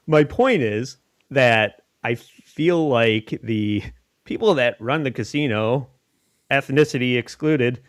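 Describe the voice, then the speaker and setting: A man's voice: mid-range voice, animated, slow, no echo, studio quality. Rambling male podcast host. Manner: rambling, laughs often. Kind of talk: casual podcast chat.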